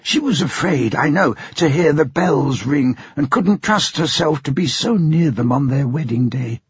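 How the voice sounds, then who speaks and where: A man reading an audiobook, voicing a timid little old father who is gentle, anxious and remorseful. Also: a little high, expressive, a little slow, breathy edge, dry recording, voice pushed up, heavily acted. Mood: pleading. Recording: dull lo-fi sound.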